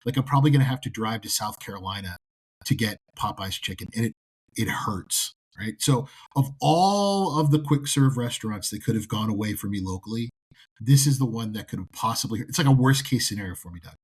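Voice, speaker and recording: Southern guy cohosting a podcast, husky lowish voice, hamming it up for laughs. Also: expressive, a little fast. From American South. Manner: joking, playfully dramatic. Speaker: co-host. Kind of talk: casual podcast chat.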